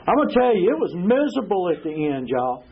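Guy telling his story to the group, high voice, rambly, lots of "you know", sounds like it's over a phone line. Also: very animated, quick pace, gravelly. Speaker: speaker at a recovery meeting. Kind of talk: personal testimony to a group. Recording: tinny phone-like recording with faint hiss.

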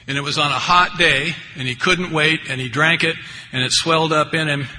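A man's voice: fairly high pitch, fairly even intonation, brisk, sharp tone. An older man giving a rambling, wry personal recovery share, full of conversational asides. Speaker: speaker at a recovery meeting. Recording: echoey hall, faint background noise.

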